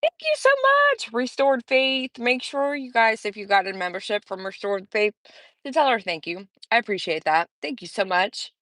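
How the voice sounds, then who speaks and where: A woman's voice: medium pitch, expressive, normal speed, a bit bright, dry recording, clean studio sound. A woman hosting a casual live stream, chatting in a rambling way and greeting viewers by name. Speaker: livestream host.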